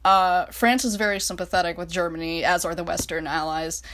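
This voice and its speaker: Lady reading her fan story out loud, then rambling casual and jokey, lots of ums, kinda low voice. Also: steady tone, fairly quick. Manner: casual, self-mocking, full of fillers. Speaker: storyteller and fan video maker.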